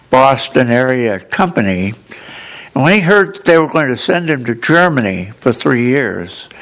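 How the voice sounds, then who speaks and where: A man with an audible speech defect reading aloud in church, telling a story in an earnest, gently humorous way. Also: medium pitch, vocal fry, poor audio. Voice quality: altered articulation from a speech defect. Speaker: lay reader in church.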